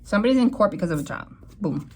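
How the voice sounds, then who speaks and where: A young adult woman giving a casual tarot reading to camera, rambling and emotional, with sudden excited jumps in her voice. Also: medium pitch, very fast, breathy edge, faint music behind. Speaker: tarot reader.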